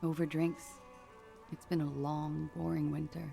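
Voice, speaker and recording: An actress voicing a weary, guarded young woman in a video game, speaking in a low-key, tired manner. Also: level tone, measured pace, creaky, warm tone, soft background music, heavily acted. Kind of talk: game character voice acting.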